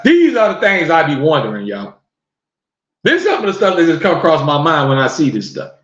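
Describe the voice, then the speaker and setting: Animated man ranting, roomy lo-fi sound. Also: high voice. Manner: incredulous, fires off rhetorical questions. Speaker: podcast host. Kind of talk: live-stream rant to viewers.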